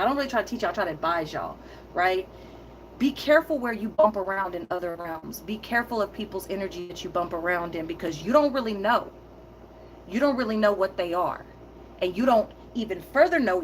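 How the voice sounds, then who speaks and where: A woman's voice: medium pitch, slight background noise, rough recording. Firm, emphatic woman reading tarot. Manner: firm, emphatic, repeats key phrases; heated, intense delivery. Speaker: tarot reader.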